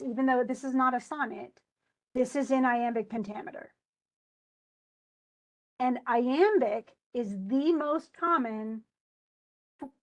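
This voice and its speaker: A woman teacher giving a loose, chatty lecture on poetry, full of restarts and asides. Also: fairly high pitch. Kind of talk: recorded class lecture.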